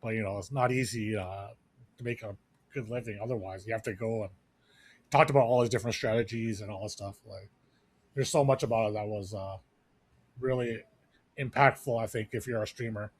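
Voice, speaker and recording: This co-host has a lowish voice and talks fairly quickly. He's a man chatting casually on a podcast, rambling with plenty of fillers and restarts.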